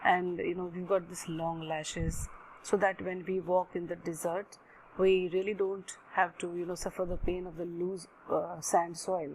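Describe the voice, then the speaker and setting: A woman voicing a wise, gentle mother camel in a spoken story, explaining slowly with many fillers. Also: lowish voice, flat delivery, slight background noise, low-quality recording.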